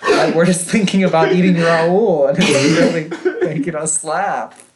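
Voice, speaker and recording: Wry man with a slightly high voice. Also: fairly even intonation, normal speed, very noisy. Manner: teasing, wry. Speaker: podcast co-host. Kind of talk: casual chat.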